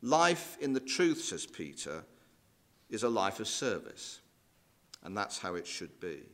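A man's voice: on the low side, measured pace. A man preaching a sermon, walking listeners through scripture passages and asking rhetorical questions. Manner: expressive, rising and falling emphasis with rhetorical questions; quotes scripture in old-fashioned wording.

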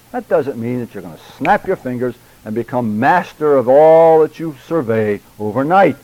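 Older man, public speaking teacher, deliberate, emphatic, talks straight to the class, mid-pitched voice. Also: a little mellow, no room sound, rough recording. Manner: deliberate, emphatic, addresses students directly. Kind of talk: church speaking class lecture.

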